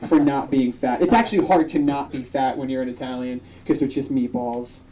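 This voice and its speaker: A young man performs stand-up on a comedy club stage, spinning loose, chatty stories and snapping into quick quoted voices. His tone is mellow and rounded. He sounds a little distant from the microphone. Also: medium pitch, slight background noise. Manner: loose, conversational storytelling with quick acted quotes. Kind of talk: live stand-up set.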